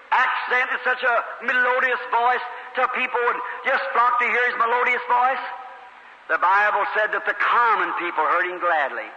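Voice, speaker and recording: A man's voice: sits high, pushed and bright. A man, preaching a fervent revival sermon and telling stories in the voices of the people in them. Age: 40s. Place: large meeting hall. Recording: echoey hall on old lo-fi tape.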